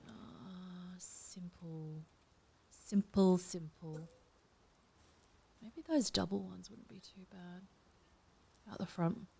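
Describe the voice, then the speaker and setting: A woman's voice: medium pitch, steady tone, unhurried, creaky, warm tone, slight background noise. A woman talking through a game build, drifting between murmured comments and whispers to herself. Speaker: game build tutorial host. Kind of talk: casual gameplay commentary.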